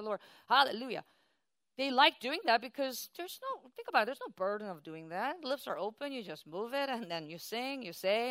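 Woman preacher, bright clear voice, dry close sound, emphatic sermon delivery with soft-to-loud swings. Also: on the high side, no echo.

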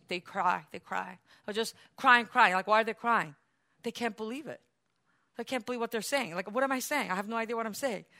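A woman pastor preaching a sermon, dropping to quiet explaining and then rising into loud, high preaching, asking the congregation questions and calling for amens.

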